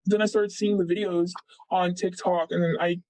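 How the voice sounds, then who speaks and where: A man's voice: high voice, little pitch movement, moderate pace, a little mellow, no room sound, poor audio. A young man in his late teens, telling a personal story in a loose, rambling way full of fillers. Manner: rambling, heavy on "like" and "blah blah". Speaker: interviewee. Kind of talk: casual retelling.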